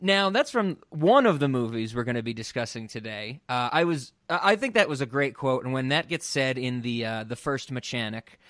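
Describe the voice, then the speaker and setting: A man's voice: mid-range voice, sing-song, fairly quick, few pauses, fairly bright tone, dry recording, studio quality. A man co-hosting a casual film podcast, joking around and laughing often as he talks. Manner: jokey, laughs often while talking. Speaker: podcast co-host.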